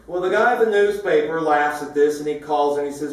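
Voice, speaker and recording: A man tells jokes in an animated, story-spinning way, laughing at his own punchlines. His voice sits a little high. It echoes heavily through a big hall, picked up from far off. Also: normal speed. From south Louisiana. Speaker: preacher telling jokes. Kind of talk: comedic storytelling to a live audience.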